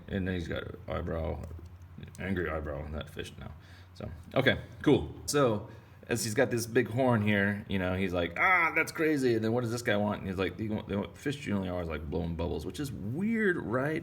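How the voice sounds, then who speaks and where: Low gravelly guy from texas, rambly and goofy, teaching kids to draw fish. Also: lively intonation, moderate pace, a little hiss or hum. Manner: rambling, playful. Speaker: art teacher. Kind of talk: casual kids' drawing lesson.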